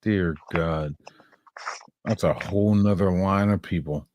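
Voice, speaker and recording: A man's voice: low-pitched, a little slow, darkish tone, slight background noise. A man giving crude, sarcastic running commentary while reacting to a video as the host.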